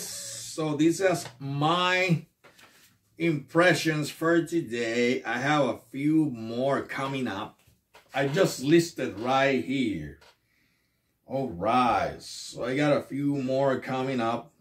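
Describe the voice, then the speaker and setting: Halting man vlogging in an echoey room. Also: medium pitch, far from the mic. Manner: halting, repeats words, trails off softly. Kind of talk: casual chat to camera.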